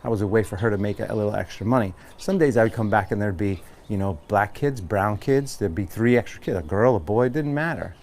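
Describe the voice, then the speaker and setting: An American yoga teacher from Long Island, a man with a fairly low voice. He talks earnestly and casually, rambling and restarting his sentences as he guides the class. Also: quick pace, few pauses, a little mellow, a little hiss or hum. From Long Island, New York.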